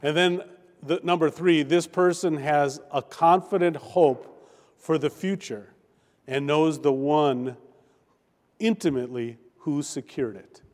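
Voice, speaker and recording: A male pastor preaching a sermon in a church, slow and emphatic with deliberate pauses. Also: fairly high pitch, a little mellow. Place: church sanctuary. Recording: long hall reverb.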